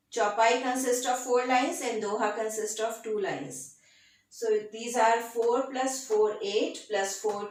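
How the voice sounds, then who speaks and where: A woman lectures on poetry at a very slow, deliberate pace. Her voice sits fairly high for a woman. She is recorded in a strongly echoing room. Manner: slow, deliberate, checks in with "right?". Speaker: literature teacher. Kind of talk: classroom lecture. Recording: very echoey room.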